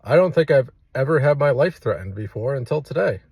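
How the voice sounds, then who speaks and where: A man recounting a story in a casual vlog, speaking at an everyday middle pitch. His voice is close and dry, with no room sound. He tells it with energy and acts out what people said. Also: fairly quick, creaky, slightly rough, no room sound. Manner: animated, acts out quoted lines. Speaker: real estate agent and photographer.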